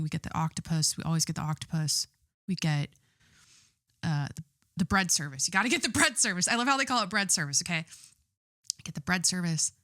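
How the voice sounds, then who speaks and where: A woman's voice: on the low side, a bit bright, dry recording, studio quality. A young woman hosting her own podcast, rambling and giggling through a casual monologue and swearing freely. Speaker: podcast host.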